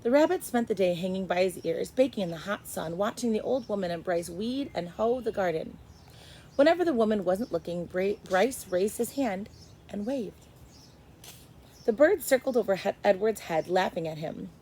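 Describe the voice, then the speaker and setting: Give me a woman teacher reading aloud to children, expressive, with a slight faint hiss behind. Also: mid-range voice, normal speed, poor audio. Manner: expressive, stops to explain to kids. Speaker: first grade teacher.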